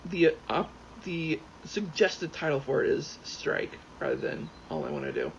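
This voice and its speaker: Rambling, excitable man with a higher voice. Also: a little slow, gravelly. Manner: rambling, excitable, swears freely. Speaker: gaming YouTuber. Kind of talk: casual commentary while playing. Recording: dull lo-fi sound with faint background noise.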